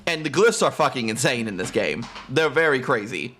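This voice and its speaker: A man's voice: medium pitch, expressive, moderate pace, fairly bright tone, slight background noise. A man live streaming a game from his room on a close desk mic, chatting playfully and laughing often. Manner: giggly, playful, keeps breaking into laughter. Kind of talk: casual live-stream chat. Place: home room.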